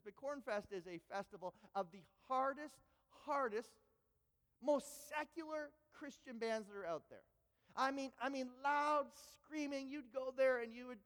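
Male pastor, high-voiced and animated, preaching in a big reverberant sanctuary. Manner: animated, repeats words when excited. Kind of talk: sermon storytelling. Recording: long hall reverb.

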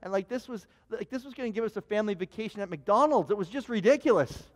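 A high-pitched man delivers a sermon as a running personal story. He talks animatedly and often stumbles, repeating words and restarting sentences. His voice rings with a long reverb from a church hall. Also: lively intonation, fast. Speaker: pastor.

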